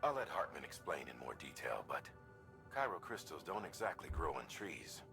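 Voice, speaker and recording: An actor playing a male mission director in a video game, giving measured, authoritative briefings. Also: rumbling low, big pitch swings, gravelly, full character voice. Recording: game audio with music underneath.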